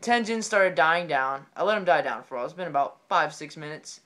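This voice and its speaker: Excitable rambling man telling a funny story. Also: a little high, a little fast. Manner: excitable, rambling, repeats phrases. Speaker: comedic storyteller. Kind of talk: comedic storytelling monologue.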